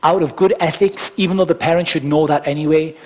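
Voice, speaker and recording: A man's voice: fairly high pitch, fairly even intonation, fast, darkish tone. A man giving an informal workshop lecture, explaining step by step with frequent asides. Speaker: workshop instructor. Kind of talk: conversational teaching lecture.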